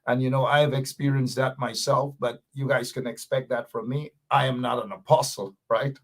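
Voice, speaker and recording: Male talk host, slightly husky, playful and teasing with his audience. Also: medium pitch, steady tone, moderate pace. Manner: playful, teasing viewers while reading comments. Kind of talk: live call-in talk show chat.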